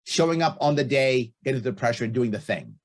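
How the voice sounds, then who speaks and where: Here the podcast guest, a middle-aged libertarian candidate, talks a little fast at medium pitch with lively intonation. The interview is casual, and he stays blunt and emphatic, circling back to his key points.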